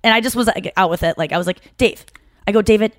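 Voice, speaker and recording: A woman's voice: mid-range voice, fast talker, dry recording, studio quality. Rambling, chatty woman podcast host. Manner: rambling, animated storytelling with self-interruptions. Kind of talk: casual chat.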